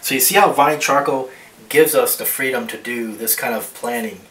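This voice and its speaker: Male art teacher, mid-pitched, rambling demo talk, distant mic, echoey room. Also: moderate pace, a bit bright. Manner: thinking aloud, rambling with restarts. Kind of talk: drawing demonstration. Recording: roomy echo, mic at a distance, faint hiss.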